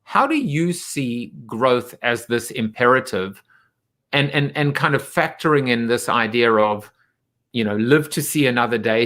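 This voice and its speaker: A male podcast host with a middle-pitched voice. He builds his questions slowly and reflectively, stacking one idea on another before he asks. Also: fairly bright tone. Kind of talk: interview questions.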